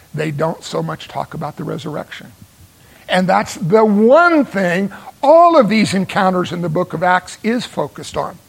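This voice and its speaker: A man's voice: sits high, creaky, husky. A man preaching a sermon, pressing his points with repeated phrases and rhetorical questions. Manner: emphatic, repeats phrases for stress.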